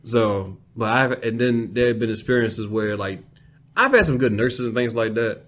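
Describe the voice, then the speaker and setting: A man's voice: mid-range voice, normal speed. A man co-hosting a podcast, telling stories in casual chat and acting out the people he quotes. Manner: animated storyteller, quotes people in acted voices. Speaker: podcast co-host.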